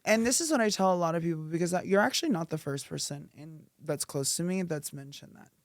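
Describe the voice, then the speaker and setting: A young woman co-hosting a podcast, chatting expressively and quick to react. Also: fairly low pitch, no room sound. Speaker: podcast co-host. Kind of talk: casual chat.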